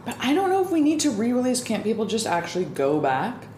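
A woman's voice: fairly high pitch, huge pitch swings, fast, a little mellow. A woman co-hosts a podcast in loose, casual chat, often talking through a mouthful of food. She stands in a small home kitchen. The room rings with echo and carries a faint hum of ambient noise. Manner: chatty, talks while eating, with mouth full. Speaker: podcast co-host.

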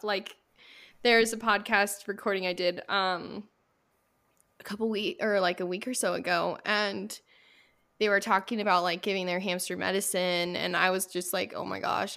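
A young woman chatting on her podcast while holding back tears. She rambles with many fillers and keeps apologizing. Her voice has a gravelly fry to it. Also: medium pitch, fairly bright tone. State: tearful. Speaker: podcast host. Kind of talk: casual chat.

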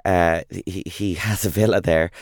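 A man's voice: low voice, fairly even intonation, normal speed, no room sound, clean studio sound. A man with an Irish accent in his thirties, chatting enthusiastically as an interview guest, telling stories with many fillers and restarts. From Ireland. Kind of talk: casual interview chat.

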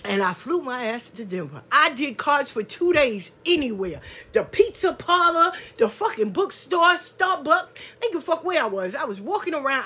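A woman who reads cards, telling stories in a loud, animated, profane monologue. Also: high voice. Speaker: spiritual card reader. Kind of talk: casual storytelling monologue.

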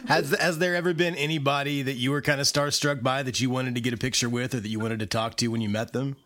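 A man's voice: medium pitch, fairly even intonation, fast talker, a bit bright. Laughing male podcast host. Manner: laughs often, asks short questions. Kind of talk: casual interview.

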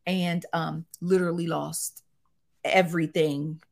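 Expressive woman telling her story candidly. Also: lowish voice, a little slow, creaky. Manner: expressive, animated, with colloquial phrasing. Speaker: guest.

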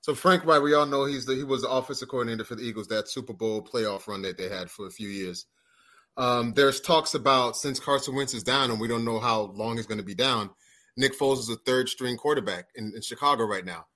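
A man hosting a casual sports podcast, who haltingly sets up questions for his co-hosts. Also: medium pitch, sharp tone. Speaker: podcast host.

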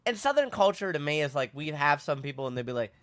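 A man co-hosting a podcast, telling a story in a casual, animated, self-mocking way. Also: fairly high pitch, quick pace. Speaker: podcast co-host.

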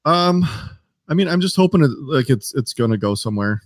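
A man's voice: a little high, lively intonation, fairly quick, no room sound, studio quality. A man chatting as a podcast guest, hesitant, with frequent ums and restarts. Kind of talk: casual podcast chat.

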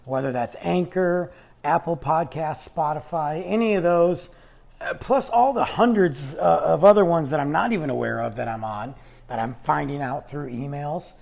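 A man's voice: on the high side, normal speed, creaky, a little mellow. A man hosting his own podcast, talking in a rambling, chatty way and restarting his sentences while losing his voice. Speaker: podcast host. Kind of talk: casual solo podcast monologue.

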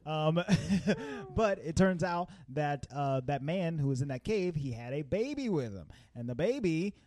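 A man co-hosting a podcast, casually retelling film scenes and putting on quick playful voices for the characters. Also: fairly high pitch, expressive, a little mellow, no echo. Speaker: podcast co-host. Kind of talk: casual chat.

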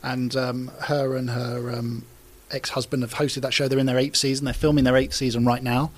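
A man's voice: medium pitch, little pitch movement, moderate pace. A man in his thirties, a TV presenter chatting as an interview guest and telling anecdotes with plenty of fillers. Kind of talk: casual interview storytelling.

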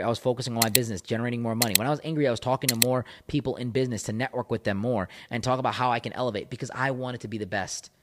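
A man talking as a breakup coach into a microphone, intense and emphatic, repeating phrases for punch. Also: medium pitch. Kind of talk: motivational monologue. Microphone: studio microphone.

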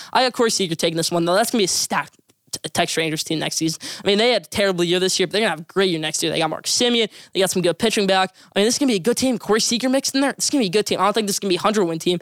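A sports podcast host giving opinionated talk segments, with emphatic, forceful predictions. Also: medium pitch, clear, resonant tone, no room sound, studio quality.

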